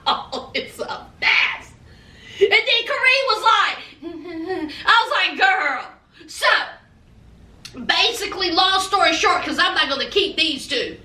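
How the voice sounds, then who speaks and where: A woman with a very high, piercing voice dishes on a reality show in a sassy, chatty recap. She slips into different voices to act out what people said. She sounds set back from the mic in an echoey room. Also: lively intonation, a little slow, bright, forceful tone, far from the mic. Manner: sassy, chatty, acts out quotes in changing voices. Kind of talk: casual gossip recap.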